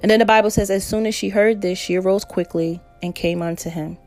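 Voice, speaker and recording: A woman's voice: mid-range voice, steady tone, brisk, darkish tone, soft background music. A woman preaching a sermon, reading scripture aloud and speaking from the heart.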